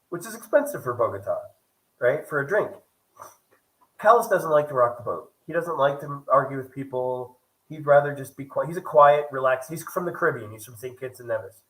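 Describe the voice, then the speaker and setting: A young travel vlogger with a medium-pitched voice tells a story casually and animatedly, acting out the quoted lines of the other people involved. The recording quality is low.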